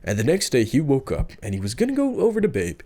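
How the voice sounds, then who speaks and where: A man's voice: mid-range voice, huge pitch swings, fast, dark tone. A young man telling folk tales in a rambling, profane comedy vlog with exaggerated outbursts. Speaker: YouTube host.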